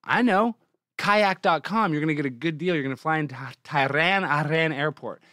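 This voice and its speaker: A young man from Texas hosting a comedic news show, reading headlines and mocking them with sarcastic, excitable riffs. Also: fairly high pitch, moderate pace, dry recording, clean studio sound. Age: young adult. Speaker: podcast host.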